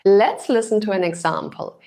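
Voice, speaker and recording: A woman tutor narrating a scripted test-prep lesson in an even, instructional way. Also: mid-range voice, moderate pace, vocal fry. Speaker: TOEFL tutor.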